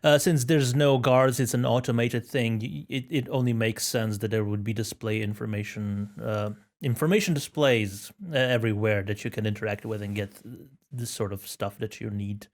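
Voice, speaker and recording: A man co-hosting a casual podcast, explaining things in a measured, careful way. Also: lowish voice, fairly even intonation. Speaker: podcast co-host.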